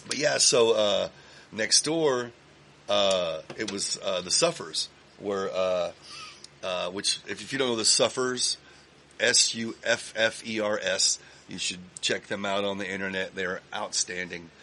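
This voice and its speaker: A Texan man, guesting on a podcast in a recording studio, tells long stories in a lowish, unhurried voice, with a little hiss or hum in the audio. He's an animated, profane storyteller whose casual chat is packed with fillers and restarts.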